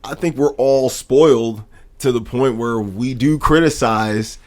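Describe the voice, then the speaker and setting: A man's voice: medium pitch, unhurried. A man co-hosting a podcast, chatting casually and enthusiastically about movies. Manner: enthusiastic, animated fan talk. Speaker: podcast co-host. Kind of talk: casual chat.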